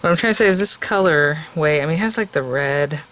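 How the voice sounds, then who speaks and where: A woman's voice: sits low, expressive, quick pace, a bit bright, a little hiss or hum, low-quality recording. Chatty woman thinking aloud while crafting. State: voice getting tired. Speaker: card-making crafter. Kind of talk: casual crafting tutorial.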